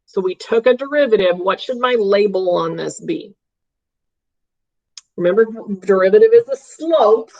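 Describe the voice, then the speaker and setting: A woman's voice: medium pitch, lively intonation, normal speed, a little mellow. A woman math teacher giving a live online class from home, upbeat and checking in with her students often. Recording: dull lo-fi stream audio.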